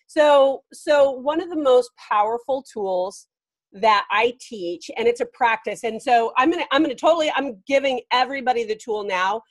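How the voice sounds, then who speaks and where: Animated woman life coach, rather high. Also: moderate pace. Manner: animated and emphatic, laughing often. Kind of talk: casual podcast interview.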